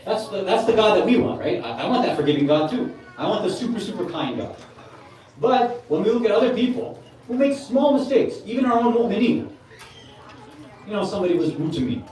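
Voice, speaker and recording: A man's voice: on the high side, a little mellow. Man, sermon, earnest, conversational, distant mic, roomy hall echo. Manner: earnest, conversational, with Arabic religious terms. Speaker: speaker at a Muharram gathering. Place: large hall with a gathering. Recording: echoey hall, from far off.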